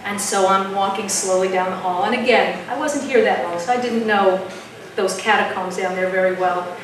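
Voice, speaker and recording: A woman telling a spooky story at an open mic, dramatic and dropping to a hush at tense moments. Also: medium pitch, moderate pace, slight background noise. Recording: echoey room from far off.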